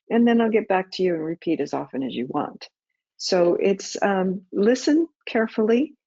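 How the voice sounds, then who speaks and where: A middle-aged woman who used to work as an air traffic controller talks through pilots' questions in a practical, chatty way and acts out radio exchanges. Her voice has some gravel in it. The recording is dry and muffled, like a webinar feed. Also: mid-range voice, darkish tone, dry recording. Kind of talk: webinar Q&A answers. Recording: dull muffled webinar audio.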